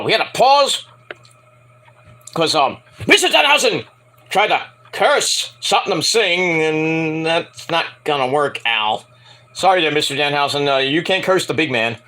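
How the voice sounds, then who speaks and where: A young man casually rambling through a wrestling show review, breaking into shouted impressions of the wrestlers. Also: a little high. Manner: rambling, animated, mimics wrestlers in shouted bursts.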